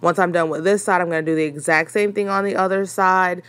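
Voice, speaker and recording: A young woman casually narrating a hair tutorial, chatty and relaxed with frequent ums. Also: fairly low pitch, quick pace, slight background noise.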